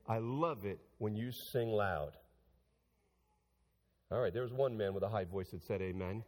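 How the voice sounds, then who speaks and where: A man's voice: mid-range voice, darkish tone. A man preaching a sermon as pastor, retelling scripture dramatically and voicing the figures in it. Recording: long hall reverb.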